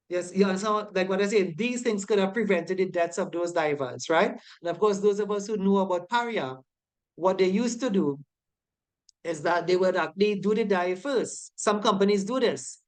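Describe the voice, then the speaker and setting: A woman teaching a safety course, emphatic and checking often that her students follow. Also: medium pitch. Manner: emphatic, keeps asking "right?" to check understanding. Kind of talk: online lecture going over quiz answers.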